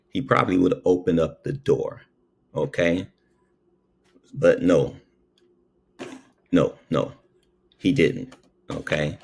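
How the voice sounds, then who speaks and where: A man's voice: deep voice, creaky, slightly rough. A man who works as a paramedic, telling a story in a casual, preachy monologue and tagging his lines with "okay?".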